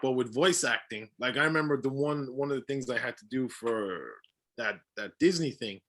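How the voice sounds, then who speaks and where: A man's voice: mid-range voice, moderate pace, fairly bright tone. A young man who is a voice-acting guest, chatting casually and eagerly explaining his craft with examples. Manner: eager, explains with examples, many fillers and restarts. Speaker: voice actor guest. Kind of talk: casual podcast chat.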